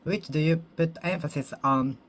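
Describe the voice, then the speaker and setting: Brief: native Japanese English learner, solo practice monologue, careful restarts and rephrasings, mid-pitched voice. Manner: repeats and rephrases each sentence, self-correcting; slow, careful, deliberate.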